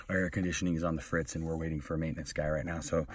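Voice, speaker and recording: Brief: man with a very low, deep voice, earnest rambling vlog talk, sitting back from the mic in a dead, dry booth. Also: level tone, very fast, dry recording, far from the mic. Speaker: professional voice actor. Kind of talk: casual vlog chat. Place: small recording booth.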